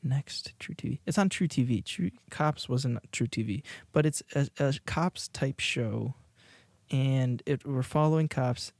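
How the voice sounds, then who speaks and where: Recording indoors while watching a video, a male podcast co-host chats loosely, laughing a lot and restarting sentences as he rambles. His middling-pitched voice is unhurried and a little mellow, captured dry and close with no room echo.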